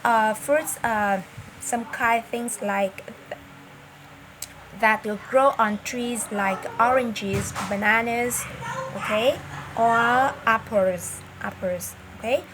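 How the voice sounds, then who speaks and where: A woman, a native Vietnamese speaker, giving a slow, careful English lesson inside a supermarket, often pausing and repeating herself. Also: fairly high pitch. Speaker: English teacher. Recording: audible store background noise.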